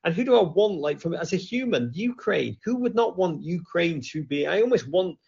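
An excitable man hosts a call-in football show, his raised voice grainy and gravelly. He jokes constantly and drops from loud bursts to hushed asides. The sound is a bit dull and lo-fi. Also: high-pitched, normal speed. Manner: animated, joking, swings from loud to hushed. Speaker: host. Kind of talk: lively football chat show with callers.

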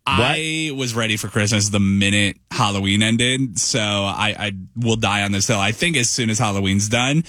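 A man's voice: fairly low pitch, normal speed, few pauses, sharp tone, dry recording. A man co-hosting a morning radio show, emphatic and opinionated in casual banter on a dry studio mic. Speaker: radio co-host.

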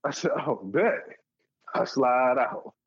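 A man tells stories in a loose, casual chat. His pitch swings widely, and he jumps high whenever he acts out what someone said. The recording sounds dull and lo-fi. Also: takes it slowly, husky. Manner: animated, acts out quotes in a high voice. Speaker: podcast co-host telling stories.

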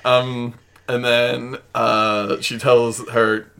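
A man's voice: medium pitch, normal speed, a bit bright. A man co-hosting a casual movie chat, rambling and wry, with lots of fillers. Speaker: podcast co-host.

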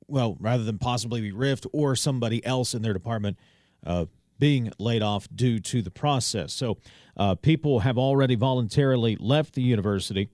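A man hosting a radio news program, recapping a meeting in a measured way with frequent pauses and "uh" fillers. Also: medium pitch, darkish tone, dry recording, clean studio sound.

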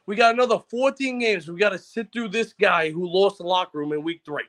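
A man vents about his team in a furious, foul-mouthed rant. His voice sits high and rings bright and forceful. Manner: angry, profane, rapid-fire ranting. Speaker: caller on a sports talk show. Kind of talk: ranting casual chat.

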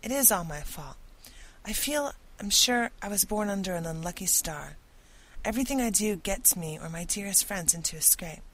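A woman's voice: mid-range voice, animated, moderate pace, fairly bright tone, poor audio. A woman voicing an imaginative, talkative young girl who speaks earnestly and dramatically in an audiobook.

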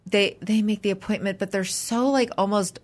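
A woman co-hosting a casual chat, telling a story in an animated way and acting out the voices of the people in it. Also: mid-range voice, moderate pace. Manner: animated, acts out quoted voices. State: mildly congested. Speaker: podcast co-host.

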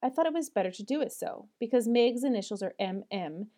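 A woman reading aloud voices a shy, gentle young girl who speaks softly and earnestly. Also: a little high, animated, fairly quick.

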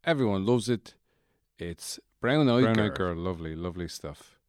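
A man's voice: low-pitched, animated, normal speed, no echo, clean studio sound. A man voicing a deluded, gloomy man who lives in a shed, rambling in a meandering, self-pitying yet chirpy way.

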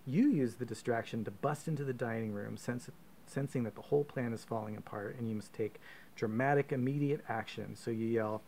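A man co-hosting a podcast, reading a profane, comic choose-your-own-adventure story aloud with deadpan asides. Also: mid-range voice, normal speed, slight background noise. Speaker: podcast co-host.

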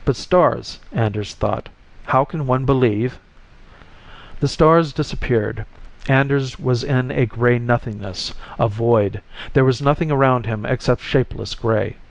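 Slow, gravelly male narrator. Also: mid-range voice, no echo. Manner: slow, measured reading. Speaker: audiobook narrator. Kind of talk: scripted narration. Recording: dull lo-fi recording.

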